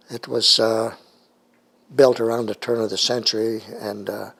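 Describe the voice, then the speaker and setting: An older man from the United States giving an oral history interview, recalling his childhood at a halting pace with many fillers. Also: mid-range voice.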